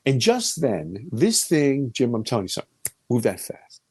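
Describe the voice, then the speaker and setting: As an interview guest, a man in his fifties tells a personal story in an animated way, swinging from loud exclamations to hushed near-whispers. His voice is medium-pitched and a little slow, and the recording is dry.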